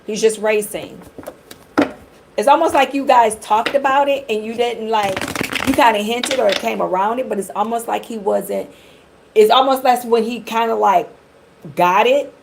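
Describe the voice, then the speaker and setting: Middle-aged woman from detroit doing a live tarot read, gravelly voice, kinda rambly, faint noise behind her. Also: fairly high pitch, normal speed. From Detroit area. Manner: rambling, chatty, talks straight to viewers. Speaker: tarot reader. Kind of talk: live tarot reading and chat.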